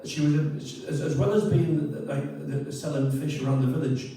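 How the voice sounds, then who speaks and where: A man's voice: fairly high pitch, fairly even intonation, normal speed, dark tone. Rambling man in an echoey room. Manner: chatty, hesitant, self-deprecating, chuckles often. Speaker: poet and storyteller introducing a tune. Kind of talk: rambling spoken introduction. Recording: echoey room, mic far off.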